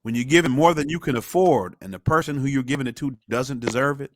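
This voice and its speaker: A man's voice: medium pitch, dry recording. A man co-hosting a political podcast, reading news items aloud and adding wry comments. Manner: measured, wry, reads then comments. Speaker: podcast co-host.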